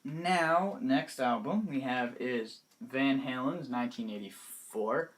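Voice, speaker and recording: Hesitant young man chatting casually. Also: mid-range voice. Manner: hesitant, many pauses and restarts, trailing off softly. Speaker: vlogger. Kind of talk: casual vlog about favorite music.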